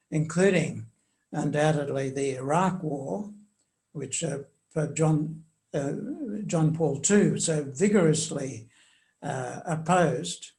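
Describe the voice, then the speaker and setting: An older man answering interview questions in a measured, hesitant way with many fillers, reading quoted passages aloud with emphasis. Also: a little high, creaky, a little mellow. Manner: reads quotations aloud with emphasis. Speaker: commentator on church social teaching.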